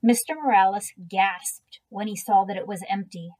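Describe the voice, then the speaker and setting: A woman reading a children's book aloud in a gentle, unhurried storytelling manner. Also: medium pitch, poor audio. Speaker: reader.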